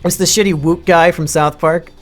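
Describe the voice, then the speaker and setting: A man live-streaming with crude, sarcastic commentary, now and then breaking into shouting rants. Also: fairly high pitch, steady tone, moderate pace, faint music behind. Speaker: streamer ranking mental illnesses.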